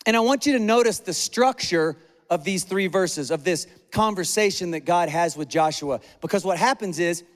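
A male pastor delivers an earnest, emphatic sermon, his voice set high for a man. He drives his points home through repetition. The sound rings out with a long hall echo. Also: moderate pace. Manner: earnest, emphatic preaching with repeated phrases. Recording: echoey hall reverb.

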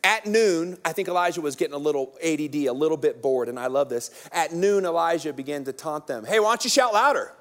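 A man in his thirties, a pastor preaching a sermon as an energetic, joking storyteller. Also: a little high, a little fast, hardly any pauses.

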